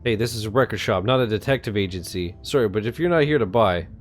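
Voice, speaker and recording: A man's voice: on the low side, fast, faint music behind, close to an everyday voice. A man voicing a grumpy male record shop owner who speaks curtly.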